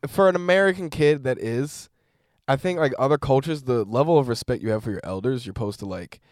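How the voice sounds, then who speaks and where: A man co-hosting a podcast, throwing in lively joking remarks during casual chat. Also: mid-range voice, brisk, no echo, studio quality. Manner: lively, jokey interjections. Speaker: podcast co-host.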